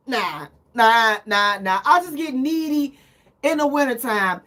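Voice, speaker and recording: High-voiced playful woman radio host. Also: animated, measured pace, fairly bright tone. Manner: playful, teasing, self-mocking storytelling. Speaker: radio talk show host. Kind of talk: casual live radio chat.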